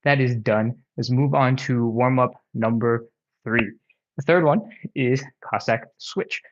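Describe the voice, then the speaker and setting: A man's voice: medium pitch, measured pace, lo-fi sound. Man coaching a home stretching workout. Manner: encouraging, counts reps, casual coaching. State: out of breath. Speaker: stretching instructor. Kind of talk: live workout instruction.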